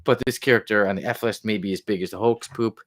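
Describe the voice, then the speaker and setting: A man co-hosting a podcast, chatting casually about comics in a rambling way, chuckling and reading quotes aloud slowly. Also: fairly low pitch, fairly even intonation, fairly bright tone, no echo, studio quality. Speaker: podcast co-host.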